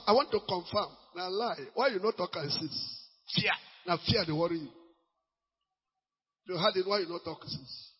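Animated Nigerian pastor in a reverberant hall. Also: male voice, high voice, moderate pace, breathy edge. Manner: animated preaching mixing Pidgin, bursts of shouting. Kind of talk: sermon. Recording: muffled, long hall reverb.

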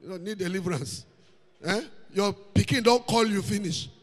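A man preaching with a Nigerian accent, mixing in Pidgin, chanting repeated words and swinging into shouts. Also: high voice, moderate pace, in a large hall. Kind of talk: sermon.

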